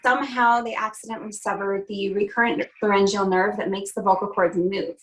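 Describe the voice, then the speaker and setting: A woman's voice: mid-range voice, flat delivery, brisk, low-quality recording. Woman, country singer as interview guest, heartfelt and earnest, mid-range voice, fillers as she recounts. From Canada. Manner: earnest, heartfelt retelling with frequent "you know" and "um". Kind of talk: personal storytelling in an interview.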